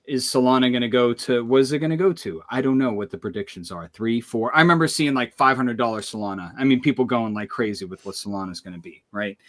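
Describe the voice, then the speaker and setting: A man's voice: mid-range voice, quick pace, hardly any pauses, a bit bright. A man hosting a casual livestream, upbeat and hyping things up, often restarting his sentences. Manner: upbeat hype, rambling restarts. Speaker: livestream host.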